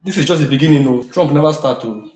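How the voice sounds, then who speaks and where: A man with a Nigerian accent calling in to a livestream, talking in a hesitant, halting way. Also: fairly high pitch, darkish tone, roomy sound. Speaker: caller. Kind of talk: casual call-in talk.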